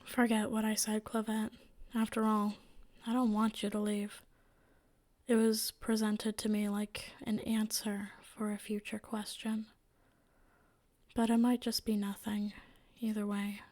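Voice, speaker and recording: A gentle, dark-furred blind she-wolf who sees visions, read by a woman. She speaks softly, often dropping to a whisper. Her delivery is slow and quite level. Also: mid-range voice, monotone, natural voice. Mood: whispered apology.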